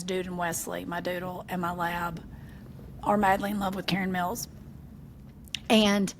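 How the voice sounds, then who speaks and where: A woman chats on a podcast at a middling pitch. She tells animated family stories and slips into voices for her mother. A faint low rumble sits under her voice. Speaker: podcast co-host. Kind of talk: casual chat.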